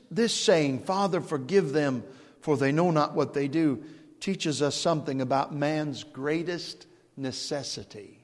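Impassioned high-voiced preacher in a hall. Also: male voice, a little mellow. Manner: rising, impassioned preaching with emphatic repetition. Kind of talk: revival sermon.

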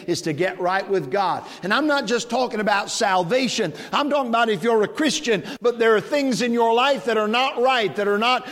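A man's voice: high voice, big-room sound. A man preaching a revival sermon with rising, impassioned emphasis and repetition.

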